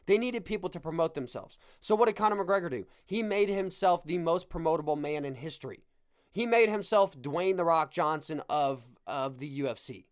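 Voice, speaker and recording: A man hosts a casual sports podcast, talking in an animated, rambling way and cracking jokes as he goes. His voice sits a little higher than most men's. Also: normal speed. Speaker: podcast host.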